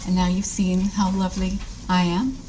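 A woman's voice: lowish voice, flat delivery, normal speed, background noise. A woman author reading her short story aloud at a live event, wry and self-deprecating.

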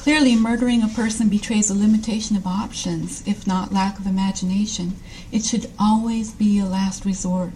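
Woman author at a live reading, mellow dark tone, wry and dry-humored. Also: mid-range voice, steady tone, moderate pace, few pauses, slight background noise, poor audio. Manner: wry, self-deprecating.

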